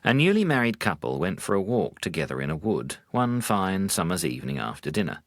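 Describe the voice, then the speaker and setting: A Buddhist monk telling wry teaching stories in a deep, low voice. His pitch rises and falls animatedly for the punchlines. The recording is dry and close. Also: big pitch swings, dry recording. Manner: dry humor, measured. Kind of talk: storytelling talk.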